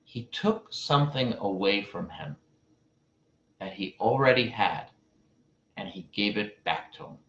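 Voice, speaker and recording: Slow, deliberate male relationship coach. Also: on the low side, expressive, a bit bright, a little hiss or hum. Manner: deliberate, with pauses and repeated phrases. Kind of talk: storytelling advice talk. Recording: roomy, slightly dull sound.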